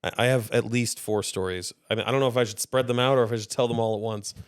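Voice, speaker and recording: A man's voice: medium pitch, steady tone, quick pace, clear, resonant tone, no room sound, studio quality. A man co-hosting a casual podcast, telling a long story with laughter and swearing. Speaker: podcast co-host.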